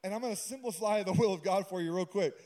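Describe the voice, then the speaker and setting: Guy preaching a sermon, kinda high voice but warm, chatty and jokey. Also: fast talker. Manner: conversational preaching with humorous asides. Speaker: pastor.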